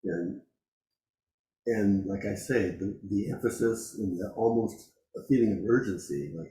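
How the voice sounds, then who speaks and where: A man giving a dharma talk as a Zen teacher, reflective and unhurried, pausing often and laughing softly. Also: fairly low pitch, lively intonation, roomy sound, rough recording. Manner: slow, reflective, with frequent pauses and soft laughs.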